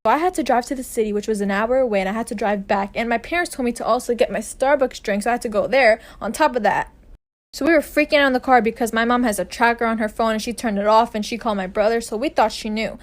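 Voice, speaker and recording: Slightly high-voiced young woman, exasperated storytime. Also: fast talker. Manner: casual, exasperated retelling. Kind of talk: casual storytime monologue.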